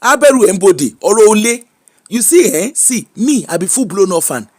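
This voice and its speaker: A man with a high-pitched voice and a Yoruba-inflected Nigerian accent speaks in casual, animated commentary. He is preachy and emphatic as he hands out advice, slipping between Pidgin and Yoruba. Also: normal speed. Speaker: social media commentator.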